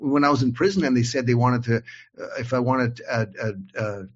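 A man's voice: mid-range voice, a little fast. A man in a casual online conversation, speaking emphatically and defiantly, rambling and repeating words as he searches for them. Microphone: video call. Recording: dull lo-fi call audio.

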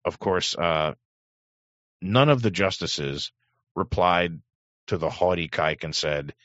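A man's voice: deep voice, slow pace, long pauses, a bit bright, no room sound, highs cut off. A middle-aged man hosting a livestream, reading chat aloud in a sardonic, rambling way with many fillers. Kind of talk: casual livestream commentary.

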